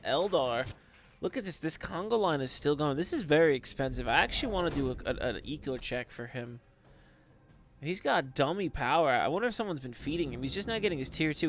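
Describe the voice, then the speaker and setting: A young man giving casual, rambling commentary on a strategy game, often breaking into excited exclamations. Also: on the high side, a little hiss or hum. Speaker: game caster.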